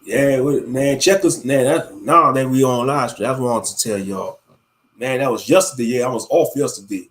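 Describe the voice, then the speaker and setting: A man's voice: mid-range voice, normal speed, a bit bright. A man hosting a casual livestream, ranting animatedly with plenty of cursing. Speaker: livestream host.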